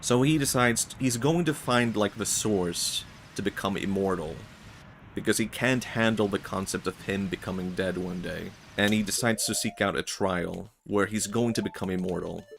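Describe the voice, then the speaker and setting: A man's voice: fairly low pitch, moderate pace, gravelly, fairly bright tone, a little hiss or hum. A man streaming, talking in a rambling, reflective way, full of filler words and frequent laughs. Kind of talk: casual stream chat.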